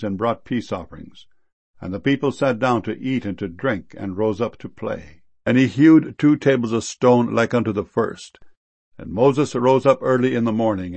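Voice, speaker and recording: A man reading archaic scripture verses aloud in a steady, measured way. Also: fairly low pitch, creaky, no echo.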